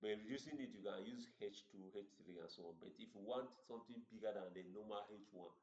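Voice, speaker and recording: A man teaching a coding tutorial, halting and often repeating words as he explains. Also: lowish voice, a little mellow. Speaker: coding instructor. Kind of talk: screen-share coding tutorial. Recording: roomy, dull lo-fi recording.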